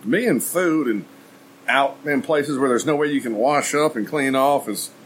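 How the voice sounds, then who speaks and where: A man's voice: medium pitch, measured pace, slight background noise, low-quality recording. A man co-hosting a podcast, telling gross-out stories in casual chat with plenty of laughter. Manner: laughing storyteller, graphic and joking. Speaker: podcast co-host.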